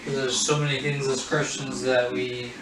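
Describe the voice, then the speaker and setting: A man's voice: medium pitch, little pitch movement, moderate pace, reverberant, distant mic, over a noisy crowd, low-quality recording. A man in casual conversation about faith, speaking earnestly and with strong emphasis.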